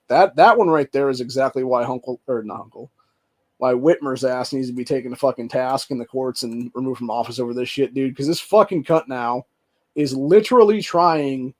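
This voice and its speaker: An American man with a voice of ordinary pitch runs a solo podcast, reading headlines aloud. He reacts in a loose, profane, ranting way and keeps calling people "dude". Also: darkish tone. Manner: says "dude" often. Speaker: podcast host.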